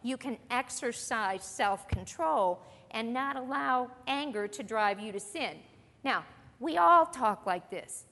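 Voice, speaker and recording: With a bright, forceful, fairly high voice, animated yet slow, a woman teaches a church Bible lesson to a gathered audience in a meeting room. She is earnest and conversational and asks her listeners questions. Long hall reverb colors the sound.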